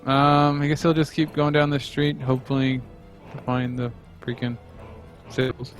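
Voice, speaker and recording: A man's voice: medium pitch, completely flat delivery, moderate pace, soft background music. A man who is a player in a tabletop game, thinking aloud about his next moves in casual chat.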